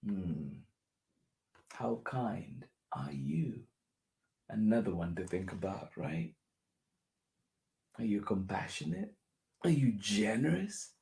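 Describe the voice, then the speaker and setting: A man reads a picture book to children at a very slow, unhurried pace. His pitch rises and falls a great deal, and he plays with the words. At times he sinks into a soft whisper. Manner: playful, expressive, drops to whispers. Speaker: children's story time host.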